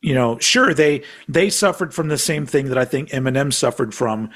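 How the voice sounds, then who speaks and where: A man in his forties co-hosting a casual podcast, chatting excitably and swearing freely. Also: mid-range voice, moderate pace. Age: 40s. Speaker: podcast co-host. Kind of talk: casual chat ranking albums.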